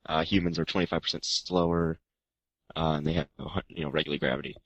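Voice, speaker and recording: A man's voice: rumbling low, steady tone, quick pace, no room sound, muffled recording. A man co-hosting a gaming podcast, describing listener creations with jokey asides. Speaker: podcast co-host. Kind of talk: casual chat.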